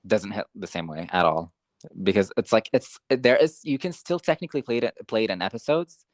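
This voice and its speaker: A young man co-hosting a podcast, talking casually with lots of fillers, rambling and getting excited. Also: lowish voice, a little fast, dry recording. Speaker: podcast co-host. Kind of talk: casual chat.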